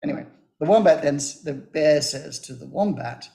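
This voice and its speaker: A man's voice: on the high side, animated, moderate pace, creaky, warm tone. A man, a guest author, animatedly retelling a children's story on a talk show.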